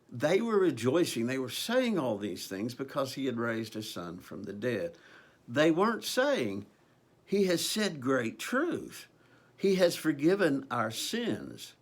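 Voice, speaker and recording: A man preaching a conversational sermon, earnest and unscripted, with frequent ums and restarts. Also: medium pitch. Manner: earnest, conversational, with many ums and repeated phrases.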